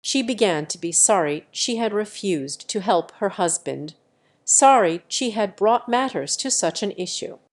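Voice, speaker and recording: A woman reading a classic novel aloud as an audiobook narrator, even and measured. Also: medium pitch. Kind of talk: scripted narration.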